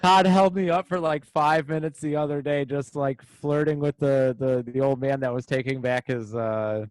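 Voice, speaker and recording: A man's voice: medium pitch, moderate pace, clear, resonant tone, no room sound, rough recording. A man co-hosting a casual podcast chat, telling stories with lots of swearing and acted-out voices. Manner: animated storyteller, swears a lot, acts out voices. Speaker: podcast co-host.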